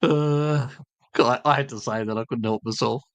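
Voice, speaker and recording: A man's voice: medium pitch, normal speed, no room sound. An Australian man from Tasmania hosting a live stream, chatting casually with viewers in a blunt, joking, rambling way full of fillers. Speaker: live stream host answering chat.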